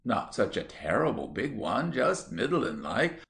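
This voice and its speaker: A man's voice: medium pitch, sing-song, unhurried, vocal fry, a bit bright, exaggerated voice. A man doing a shy rustic young countrywoman. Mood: earnest. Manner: rustic old-fashioned dialect speech.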